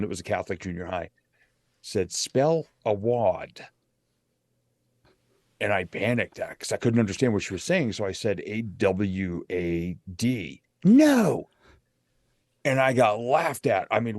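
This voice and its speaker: Middle-aged guy telling his story, lively and candid, dry close sound. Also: lowish voice, no echo. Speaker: guest, motivational speaker. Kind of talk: storytelling in interview.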